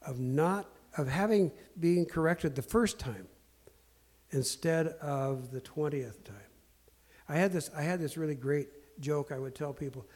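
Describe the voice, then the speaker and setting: A man telling candid stories in a self-deprecating, earnest way, halting often with fillers and restarts. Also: fairly high pitch, warm tone. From Portland area. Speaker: speaker sharing life lessons. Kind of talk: candid storytelling talk.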